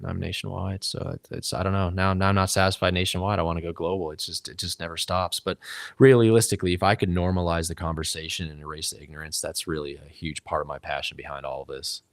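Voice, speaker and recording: A man's voice: deep voice, level tone, quick pace, creaky, no echo, studio quality. A man with a Texas accent talking casually on a podcast as a guest, driven and emphatic, rambling through his points. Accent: Texan. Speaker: podcast guest, hunting media founder.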